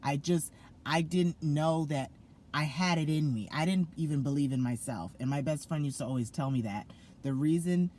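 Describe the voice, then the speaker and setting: A man's voice: a little high, moderate pace, a little mellow. A young man vlogging to his viewers, gushing and effusive, full of fillers and restarts. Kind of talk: excited casual vlog to camera.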